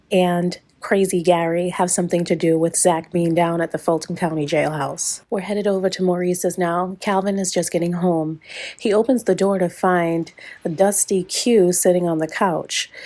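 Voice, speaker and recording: A woman's voice: fairly low pitch, warm tone. A woman giving a sassy, opinionated casual recap of a TV episode, reading out lines of dialogue as she goes. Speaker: show recap commentator.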